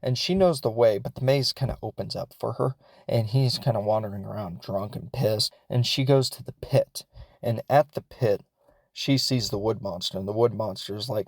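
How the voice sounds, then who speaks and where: A man's voice: on the low side, normal speed, a little mellow, no room sound. Chatty rambling man recapping a film. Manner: rambling and chatty, many fillers; laughs as he talks. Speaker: podcast host.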